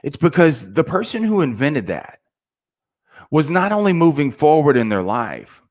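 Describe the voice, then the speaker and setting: A man's voice: a little high, big pitch swings, moderate pace, a little mellow. A middle-aged man giving a casual motivational talk to salespeople, preachy and peppered with "man".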